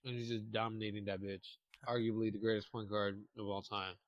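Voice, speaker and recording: His voice is lowish, fairly quick, and doesn't move much in pitch; the recording has no room sound and its highs are cut off. A young podcast co-host, he eats as he tells a long, casual story, rambling with lots of fillers and restarts.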